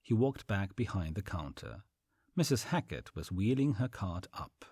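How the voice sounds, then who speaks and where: Deep, husky-voiced male storyteller. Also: sing-song, normal speed, a little mellow, no room sound, studio quality. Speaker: audiobook narrator. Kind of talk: audiobook narration.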